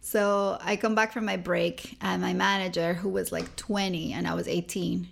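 A young woman from Venezuela tells a personal story as an interview guest. Her voice has a gravelly fry, and she talks in a lively way, popping into little voices for the people she quotes. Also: on the low side, moderate pace, few pauses. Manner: animated, acts out quoted people.

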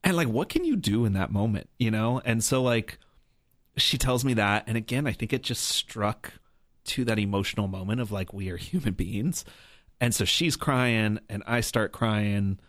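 A man's voice: fairly low pitch, lively intonation, moderate pace, no echo, clean studio sound. A man telling a personal story as a podcast guest, earnest and reflective, often checking in with "right?". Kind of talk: conversational storytelling.

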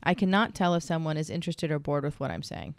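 A woman's voice: sits low, quick pace, dry recording. A middle-aged woman who works as a massage therapist, chatting casually and laughing often as she talks through a questionnaire. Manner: chatty, laughs often, quotes others in lively voices. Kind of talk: casual chat, answering a questionnaire together.

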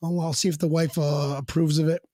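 A man's voice: fairly high pitch, flat delivery, a little fast, warm tone, no room sound, studio quality. A man chatting as a guest on a fan podcast, rambling, swearing and laughing as he tells stories. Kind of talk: casual podcast chat.

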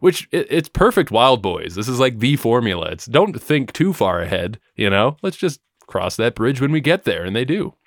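A man co-hosting a podcast, recapping an episode in a relaxed, rambling way with fillers and swearing. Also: medium pitch, normal speed, few pauses, dry recording, studio quality. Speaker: podcast co-host. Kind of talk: casual chat recapping a show.

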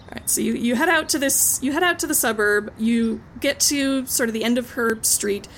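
A woman's voice: on the high side, normal speed, a bit bright, slight background noise. A woman narrating a tabletop game as game master, chatty and hedging with frequent likes and ums.

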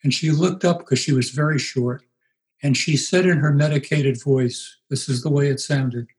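A man in his eighties, a pastor being interviewed, telling stories in an unhurried way and acting out the voices he quotes. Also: medium pitch, steady tone, darkish tone, poor audio. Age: 80s. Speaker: pastor and guest. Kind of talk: reflective storytelling interview.

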